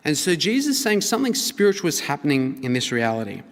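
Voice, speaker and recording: An earnest male pastor preaches with a voice sitting a little high for a man, moving between emphatic bursts and quiet, hushed lines. His words carry a long hall reverb. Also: very animated, quick pace. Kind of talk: sermon.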